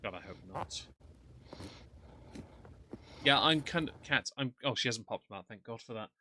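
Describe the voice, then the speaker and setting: A man's voice: medium pitch, animated, moderate pace, bright, forceful tone, a little hiss or hum. Dry, mocking man. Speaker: livestream commentator. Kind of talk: sarcastic live commentary. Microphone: desk mic, off camera.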